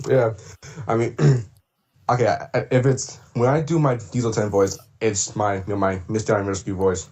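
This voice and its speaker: A man chatting casually on a livestream about doing voice impressions, rambling with many fillers and throat clears. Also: lowish voice, steady tone, normal speed, a little mellow. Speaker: streamer and voice impressionist.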